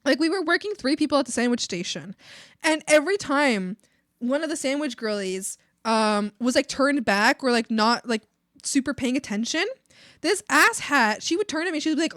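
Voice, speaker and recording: A young woman streamer venting to her chat in a casual, profane, animated rant, mocking other people's voices as she goes. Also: high voice, moderate pace, no room sound, clean studio sound. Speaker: art streamer. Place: home streaming setup.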